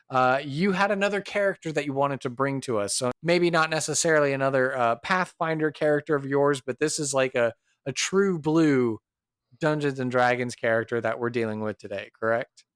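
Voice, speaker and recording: A man hosts a podcast in an easygoing, chatty way, steering the talk with relaxed questions. His voice sits at a middle pitch. The recording is close and dry, with no room sound. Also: clean tone, dry recording. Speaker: podcast host. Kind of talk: casual chat about building a game character.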